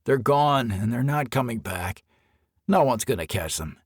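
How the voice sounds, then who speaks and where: A level-headed middle-aged golfer, as a male audiobook narrator plays him, speaking with calm, weary reason. The voice is lively in pitch and recorded dry and close. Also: unhurried, slightly rough, dry recording. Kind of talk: audiobook character voice.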